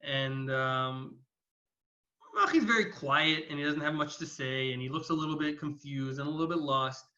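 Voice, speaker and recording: A man's voice: fairly high pitch, moderate pace, roomy sound. A male educator telling a story to a class, acting out the characters' lines with plenty of fillers and restarts. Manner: animated, acts out characters' lines. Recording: dull lo-fi sound.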